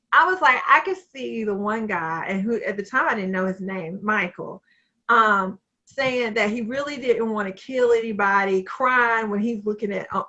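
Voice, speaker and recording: Over a video call, a woman co-hosts a podcast, chatting casually about a movie and laughing easily. Her medium-pitched voice sounds pushed and bright, though the home computer mic leaves the recording muffled.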